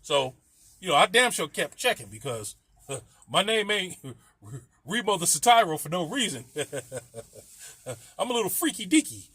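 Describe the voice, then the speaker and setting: A man's voice: sits high, big pitch swings, moderate pace, long pauses, bright, forceful tone, slightly rough, no room sound. A middle-aged man telling a casual story, profane and rambling, laughing often.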